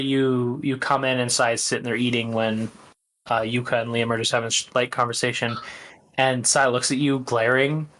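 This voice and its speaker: A man's voice: mid-range voice, a bit bright. A man narrating a tabletop game as its game master, hesitant and full of filler words.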